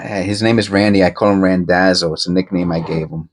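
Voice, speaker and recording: Low-voiced excitable man sorting coins. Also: fast, hardly any pauses. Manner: excitable, rambling, says "man" a lot. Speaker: coin-hunting vlogger. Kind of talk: casual vlog commentary.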